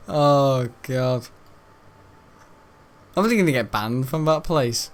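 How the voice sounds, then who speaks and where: A man's voice: fairly high pitch, animated, slow. Rambling young British man chatting. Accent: British English. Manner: chatty, meandering, lots of fillers and self-corrections. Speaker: gaming channel host. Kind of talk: rambling casual chat over gameplay.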